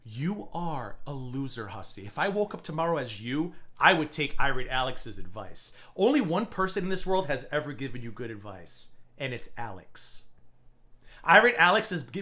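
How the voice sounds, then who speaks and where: A man's voice: mid-range voice, big pitch swings, brisk, sharp tone. A male livestream host delivering a profane, taunting rant at someone.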